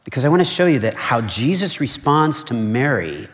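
A man's voice: mid-range voice, sing-song, brisk. A man preaching a sermon as pastor, earnest and conversational, repeating his key points and checking in with "okay?". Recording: long reverb of a large hall.

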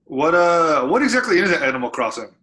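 A man's voice: a little high, big pitch swings, brisk, pushed and bright. A man joking crudely in a casual podcast chat, firing blunt, provocative questions. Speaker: podcast co-host.

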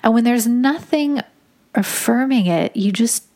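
A young woman casually telling a personal story in a chatty, animated way, full of fillers. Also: fairly high pitch, measured pace. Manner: chatty, filler-heavy, animated retelling with laughs.

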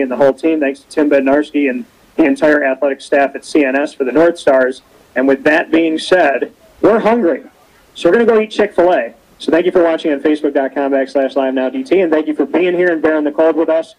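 Young male host, slightly high voice, upbeat storyteller energy. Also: rough recording. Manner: lively storyteller, animated quoting. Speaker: show host. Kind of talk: casual interview chat. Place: cold rink-side spot, outdoors or arena.

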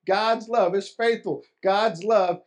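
A man's voice: high voice, fairly even intonation, takes it slowly. A man preaching a sermon in a conversational way, repeating words for emphasis. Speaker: pastor.

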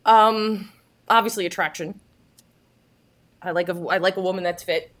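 A woman's voice: medium pitch, steady tone, moderate pace. A woman talking candidly and earnestly as a guest in a casual chat, often restarting her sentences.

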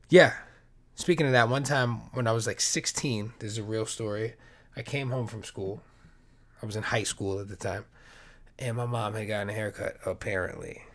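A man's voice: fairly low pitch, normal speed, fairly bright tone. A man hosting his own podcast, talking alone in a rambling, laid-back way, with plenty of swearing as he tells stories. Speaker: podcast host. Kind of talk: casual solo podcast monologue.

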